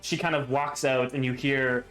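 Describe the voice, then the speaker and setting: A man narrating as game master of a tabletop game, talking haltingly with many fillers. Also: mid-range voice, fairly even intonation, fairly bright tone, echoey room, soft background music.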